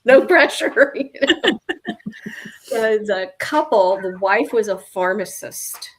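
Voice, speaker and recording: Woman telling lively stories on a call. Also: medium pitch, slow. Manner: lively anecdotes, laughs often. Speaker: guest author, adoption attorney. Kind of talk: casual storytelling on a live stream. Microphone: video call.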